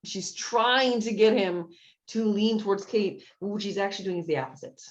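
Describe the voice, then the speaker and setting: A woman co-hosting a casual chat about a TV show, telling the story with lots of laughs and jumping high when she quotes characters. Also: moderate pace, dull audio. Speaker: podcast co-host.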